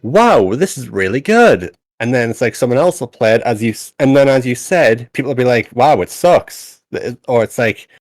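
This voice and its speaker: A man's voice: mid-range voice, expressive, fairly quick, hardly any pauses, no room sound. A man who works as a voice actor, chatting casually and rambling with restarts on a development stream. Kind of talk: casual chat on a dev stream.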